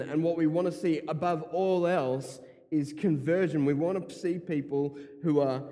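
A man preaches in an emphatic, repetitive style, loosening into casual asides between his main points. His voice is warm and dark in tone. The sound carries a long reverb from a large church hall. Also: fairly high pitch, steady tone, moderate pace, few pauses. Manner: emphatic, repeats key phrases, casual asides. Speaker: pastor. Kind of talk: sermon.

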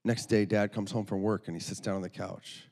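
Earnest preacher guy telling a story, low mellow voice, stumbles and repeats. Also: steady tone, a little fast, creaky. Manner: earnest, repeats and restarts words. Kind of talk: storytelling sermon.

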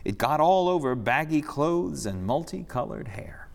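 A man reading a rhyming story aloud during a church service, expressive and sing-song, in a reverberant sanctuary. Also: mid-range voice, a little slow, vocal fry.

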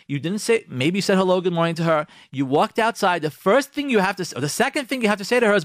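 Man, rabbi, radio talk, lively swinging pitch, dry close mic, blunt advice with acted-out asides. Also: no echo. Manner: animated, acts out imagined husbands and wives in quick asides. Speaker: rabbi giving marriage advice. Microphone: close studio microphone.

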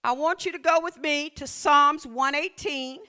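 A woman preacher delivering a sermon with call-and-response, slipping into sing-song scripture reading and building to shouts. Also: high voice, unhurried.

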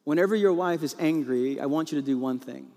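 A man voicing a calm, matter-of-fact male therapist in a low, quiet, measured way. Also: in a large hall, close to an everyday voice.

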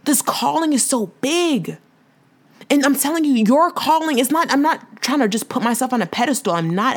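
A young woman hosting a faith podcast, talking in an emotional, emphatic way, sprinkling slang into preachy encouragement. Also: medium pitch. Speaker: podcast host. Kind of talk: faith-based podcast monologue.

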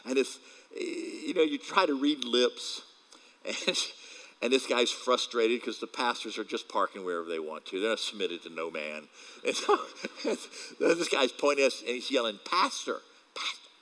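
A man preaching a sermon in a lively, storytelling way, slipping into quoted voices and chuckling between points. His voice sits at a middle pitch for a man, and his delivery swings from loud punchlines to quieter asides. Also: moderate pace, rough recording. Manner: animated storytelling with laughs and acted quotes. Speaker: pastor.

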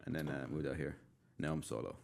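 A man's voice: extremely low pitch, quick pace, gravelly, a little mellow. A man in casual chat as a guest, making dry, understated remarks.

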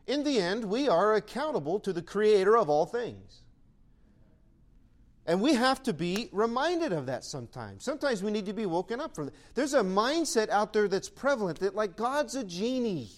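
A male pastor preaching a sermon to his church, animated and conversational, sometimes acting out imagined voices. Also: high-pitched, normal speed.

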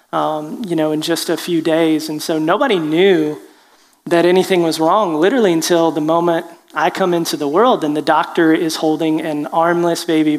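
A man, a preacher telling a personal story in an animated, self-deprecating way with halting restarts. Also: fairly high pitch, in a large hall. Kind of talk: storytelling testimony.

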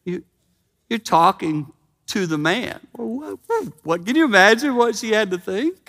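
A male preacher delivering a sermon with an animated, emphatic swing, slowing down when he makes his earnest points. His voice sits on the higher side for a man, and it rings with a long reverb through the church sanctuary. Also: creaky. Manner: animated, building to loud emphasis, then slow and earnest.

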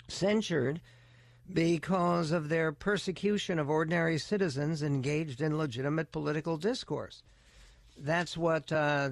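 A man hosting a talk radio show, giving opinionated political commentary in a measured, deliberate way with emphatic stresses. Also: a little high, no echo. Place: radio studio. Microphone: close studio microphone.

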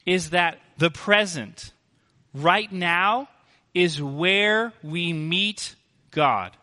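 A man's voice: high voice, sharp tone, big-room sound. A man preaching a sermon as pastor, earnest and emphatic, asking rhetorical questions.

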